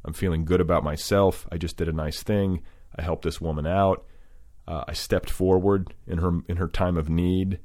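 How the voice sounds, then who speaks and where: A man's voice: low-pitched, fairly even intonation, moderate pace, darkish tone, dry recording, clean studio sound. A man hosting a podcast, telling a long rambling story full of fillers and restarts, then introducing his guest. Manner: rambling, filler-heavy, self-correcting. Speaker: podcast host. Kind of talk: storytelling monologue.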